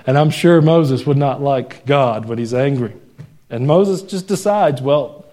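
A man's voice: moderate pace, mellow. A young adult man preaching a sermon, joking with the congregation and raising his voice to stress points. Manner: conversational, jokes and laughs with the congregation; rises in pitch and volume when stressing a point. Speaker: pastor.

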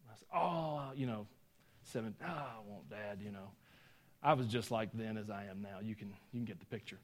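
A man's voice: lowish voice, fairly quick. A middle-aged man with a Southern Georgia accent preaching a sermon, folksy and self-deprecating, telling personal stories with chuckling asides. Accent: Southern US (Georgia, some Tennessee). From Georgia, USA. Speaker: pastor.

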